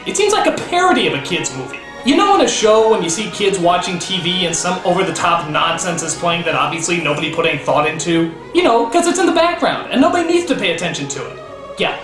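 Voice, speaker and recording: A man's voice: high-pitched, reverberant. A man hosting a comedic film review, ranting and swearing in exasperation. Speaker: host.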